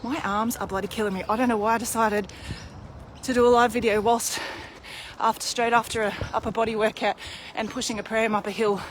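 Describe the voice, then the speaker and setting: A woman's voice: a little high, level tone, fairly quick, slight background noise. A woman in her thirties, out of breath, chatting candidly in a live video while pushing a pram uphill outdoors. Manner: chatty, candid, self-deprecating. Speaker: vlogger. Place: outdoors on a hilly street.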